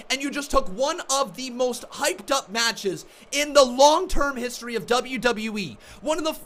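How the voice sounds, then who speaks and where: Man, live reaction streamer, furious rant, shouting, very bright tense voice. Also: very high-pitched, a little hiss or hum. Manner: furious ranting, shouting and swearing; repeats words in angry bursts.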